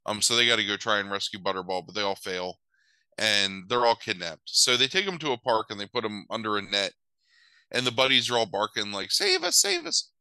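Sarcastic man with a bright voice. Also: on the low side, fairly quick, clear, resonant tone, no room sound, low-quality recording. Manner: sarcastic, swears casually, many filler words. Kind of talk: casual movie recap.

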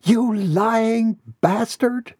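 A man's voice: sits high, big pitch swings, unhurried, slightly rough, no echo, clean studio sound, voice pushed up, exaggerated voice. A man reading aloud and voicing a young woman in a bar, pleading and then outraged at a broken promise.

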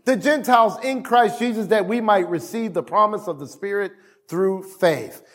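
A man's voice: sits high, moderate pace, fairly bright tone. A man preaching a sermon as pastor, repeating phrases and calling on the congregation to answer back.

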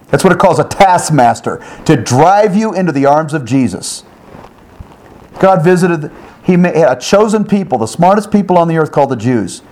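Animated male Bible teacher, higher voice. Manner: animated, with exclamations and sound effects; rhetorical questions and repeated phrases.

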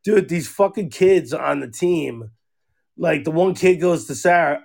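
A middle-aged man co-hosting a casual podcast, swearing freely and getting excited enough to shout. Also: a little high, a little slow, creaky. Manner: profane, excitable, shouts when riled up. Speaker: podcast co-host. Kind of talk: casual chat.

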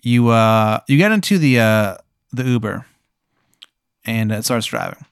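A man running an improvised scenario as game master, talking in a loose, rambling way full of fillers. His voice is smooth and mid-pitched, recorded close and dry. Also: expressive, unhurried, no echo. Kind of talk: improvised storytelling.

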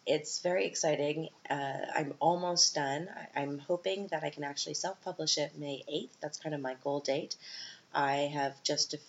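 A woman in her thirties talks through a casual solo podcast episode in a quite low voice, chatty and self-mocking with plenty of "uh" and "um". The audio is dull and lo-fi, with a faint hiss underneath. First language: English. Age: 30s. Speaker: podcast host.

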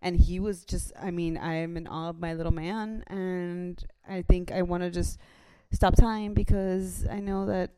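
A young woman, chatting in a relaxed, fond way. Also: lowish voice, unhurried, smooth. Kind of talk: casual chat.

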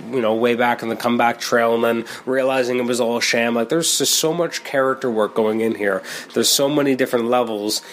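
A man with a mid-pitched voice reviews a comic book in a loose, rambling monologue. He talks casually, restarting sentences and filling gaps with fillers as he goes. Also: a little hiss or hum. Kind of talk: casual solo commentary.

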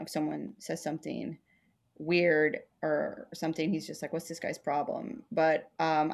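A woman with a fairly low voice chats casually as a comedian. She rambles through stories, fills them with "like" and slips into little impressions of the people she quotes. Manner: rambling storytelling, acts out quoted voices, many "like" fillers. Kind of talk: casual podcast conversation.

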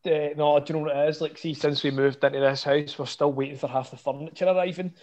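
Scottish man, podcast co-host, animated storyteller, slightly high voice. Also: fast, muffled recording. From Scotland. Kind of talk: casual podcast chat.

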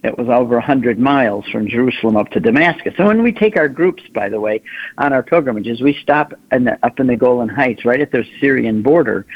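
A man guesting on a radio interview, telling stories in an animated way and acting out the voices he quotes. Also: medium pitch, a little fast, breathy edge. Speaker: guest, pilgrimage leader. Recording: slightly dull radio sound.

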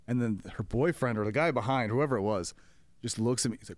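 A man's voice: medium pitch, fast talker, no room sound. Dry-miked man telling a club story. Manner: animated storyteller, acts out quotes, laughs often. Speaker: podcast co-host, comedy club staff. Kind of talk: casual storytelling chat.

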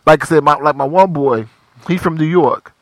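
A man's voice: on the high side, normal speed, no room sound. A man co-hosting a casual music show, joking and bantering with repeated slang. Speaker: radio show co-host. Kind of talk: casual chat.

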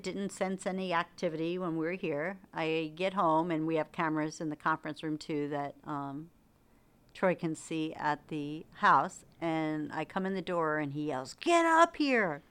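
A middle-aged woman co-hosting a podcast, telling a ghost story in a casual, animated way with laughs and acted-out quotes. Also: deep voice, moderate pace, clear, resonant tone. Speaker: podcast co-host.

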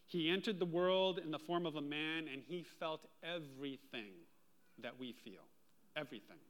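A man delivering a sermon from the pulpit. His voice sits somewhat high for a man, and he slips into animated storytelling as he shares personal anecdotes. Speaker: pastor.

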